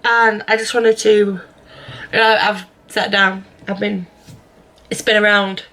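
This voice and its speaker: A young woman talks straight to the camera in a loose, chatty vlog. Her voice is bright and clear, and she rambles along with plenty of ums and self-corrections. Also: mid-range voice, little pitch movement, slow pace. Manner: rambling, chatty, many fillers and restarts. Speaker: vlogger. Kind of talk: casual vlog chat.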